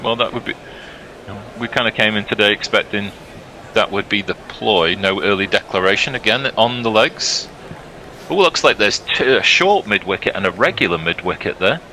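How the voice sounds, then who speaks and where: A man calls each delivery of a cricket match in a brisk, upbeat commentary style. His voice is lowish and sharply bright, and he laughs easily between balls. A faint noise hums under his voice. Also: expressive, poor audio. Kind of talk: ball-by-ball commentary.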